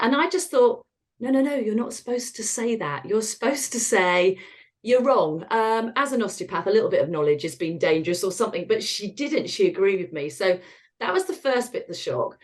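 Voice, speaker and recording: A middle-aged retired osteopath from the United Kingdom tells her own story in an interview, frank and wry, acting out bits of dialogue in quotes. Her voice is on the high side, animated and a little fast.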